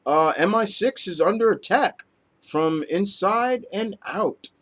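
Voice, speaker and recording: A man's voice: high voice, animated, slow pace, fairly bright tone. A man reviewing comic books in a loose, rambling chat full of fillers and casual swearing.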